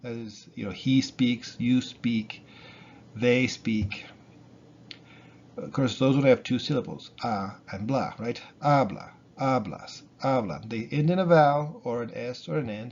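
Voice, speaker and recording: A man's voice: medium pitch, gravelly, breathy edge, highs cut off. A man teaching Spanish pronunciation in a casual spoken lesson, explaining patiently and repeating examples. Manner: relaxed, explains with fillers and repetition.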